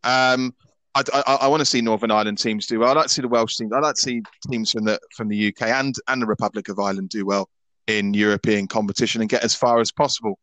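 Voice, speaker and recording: A man's voice: on the low side, fairly even intonation, quick pace, fairly bright tone, no echo. A Scottish man in his thirties hosting a football podcast in casual chat. He is opinionated and often stammers and restarts his sentences. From Scotland. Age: 30s.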